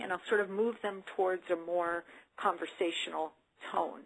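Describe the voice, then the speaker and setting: A woman's voice: on the low side, steady tone, fairly quick, creaky, husky, rough recording. A middle-aged woman, an autism support specialist, answering questions in a webinar and acting out sample dialogues with students. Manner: earnest, explanatory, acts out student and coach dialogue.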